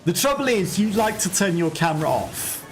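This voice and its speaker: A man's voice: high voice, big pitch swings, a little fast, a little hiss or hum. A man streaming a video game, chatting casually and laughing often. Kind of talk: casual livestream commentary.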